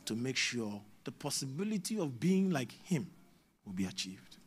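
A man with a Ghanaian English accent preaching a sermon as a prophet, moving between hushed asides and shouted exhortation. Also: mid-range voice, sing-song, moderate pace, slight background noise.

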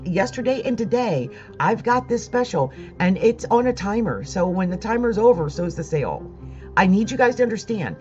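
A woman's voice: mid-range voice, a little mellow. Upset woman rambling about astrology, lo-fi. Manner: emotional, rambling, laughs between phrases. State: upset, close to tears. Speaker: astrology vlogger. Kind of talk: casual monologue to viewers.

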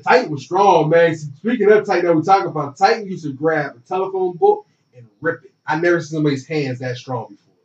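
A man's voice: a little high, a little fast. A man, a former college football player, telling a story in casual slang and acting out what people said. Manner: animated, slangy, acts out quotes. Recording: roomy, distant and dull.

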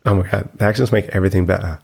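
A man's voice: low voice, fairly even intonation, rapid-fire, gravelly, darkish tone, slightly rough. A man co-hosting a podcast in casual chat, explaining things in a loose, talkative way with lots of "like". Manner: chatty, explains things with frequent "like". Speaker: podcast co-host.

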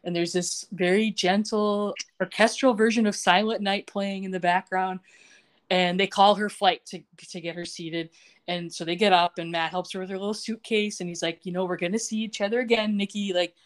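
Female podcast co-host, middle pitch, lively scene-retelling. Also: normal speed. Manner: animated storytelling, acts out quotes. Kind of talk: casual podcast chat.

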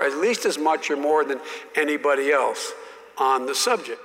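An older man with a somewhat high voice tells stories as an interview guest in a folksy, animated, self-deprecating way. A long hall reverb trails behind his voice. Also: normal speed. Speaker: interview guest, former politician. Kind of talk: anecdotal storytelling in an interview.

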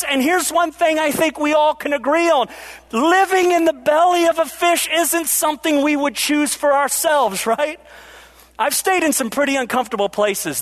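A man with a very high voice preaches to his congregation. He leans on rhetorical questions and slows right down to stress his points. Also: a bit bright. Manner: preaching with rhetorical questions, varying pace for emphasis. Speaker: pastor. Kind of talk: sermon.

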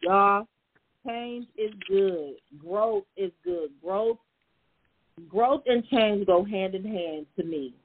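A woman's voice: mid-range voice, slow pace, slight background noise. Woman podcast host on a tinny line. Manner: talks straight to listeners with slang and pet names. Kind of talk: casual podcast chat. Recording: tinny phone-like sound.

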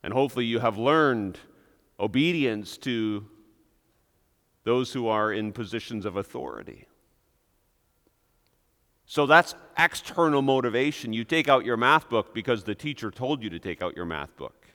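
A man preaching a sermon as pastor, deliberate and emphatic, pressing on key words. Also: mid-range voice, expressive, sharp tone. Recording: long reverb of a church hall.

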